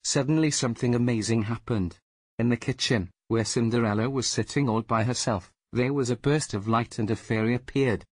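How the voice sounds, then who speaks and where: Husky man reading a fairy tale. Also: medium pitch, fairly quick, dry recording. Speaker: storyteller. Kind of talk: fairy tale read-aloud.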